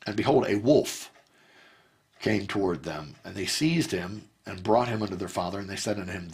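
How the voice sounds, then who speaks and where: A man reads scripture aloud word for word. His voice sits fairly low, and his delivery is earnest and measured. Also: gravelly, a little mellow. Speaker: Bible reader.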